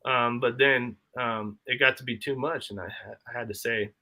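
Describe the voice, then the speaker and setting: A man's voice: mid-range voice, steady tone, normal speed, pushed and bright. A man hosting a casual live stream from his homestead, chatting in a rambling way and answering his chat aloud. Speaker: livestream host. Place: home, homestead.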